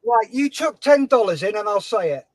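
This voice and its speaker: A man hosting a live-stream charity auction, brisk and upbeat, reading out chat comments and calling the time left. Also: high-pitched, big pitch swings, no echo, rough recording. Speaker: host and auctioneer.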